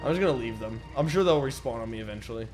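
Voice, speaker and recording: A man commentating his gameplay, sarcastic and excitable, often shouting at the game. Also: medium pitch, rapid-fire, loud music behind the voice. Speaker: gaming video host. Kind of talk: let's play commentary.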